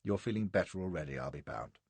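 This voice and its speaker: A man voicing a cheerful, teasing English adventurer in his forties with a brisk manner. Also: sits low, animated, creaky, a little mellow, breathy edge, dry recording, exaggerated voice. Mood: jovial. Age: 40s. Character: hearty, grinning middle-aged English adventurer man.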